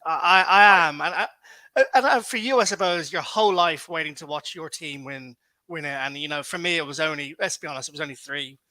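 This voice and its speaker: Excitable Irish man, bright and dry. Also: on the high side, fairly quick, dry recording, poor audio. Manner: excitable, stammering restarts. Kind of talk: casual fan chat.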